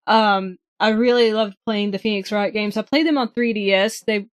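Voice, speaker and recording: A woman's voice: medium pitch, normal speed, smooth. A young woman co-hosting a casual podcast chat, cheerful and enthusiastic. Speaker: podcast co-host.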